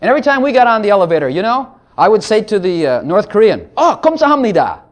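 Animated preacher man. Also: high voice, quick pace. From Texas. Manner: animated, jokey, reads scripture aloud. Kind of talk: sermon.

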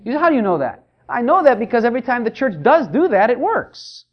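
Animated high-voiced preacher, lo-fi. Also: male voice, quick pace. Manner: animated, acts out quoted voices of churchgoers. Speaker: pastor. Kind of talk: sermon. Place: church.

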